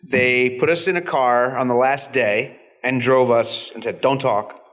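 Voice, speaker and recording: A man in his fifties, an actor on a convention panel, telling stories in an animated, self-deprecating way. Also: medium pitch, unhurried. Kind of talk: storytelling panel talk.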